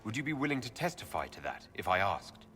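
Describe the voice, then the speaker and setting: An actor playing a calm male hero leader in a game, speaking in a steady, authoritative way, over loud music. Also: on the low side, fast, big-room sound.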